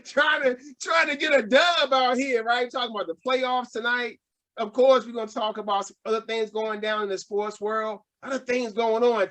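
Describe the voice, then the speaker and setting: A man's voice: extremely high pitch, fairly bright tone. A man hosting a casual sports podcast, hyped and joking with his co-hosts and laughing often. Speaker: podcast host.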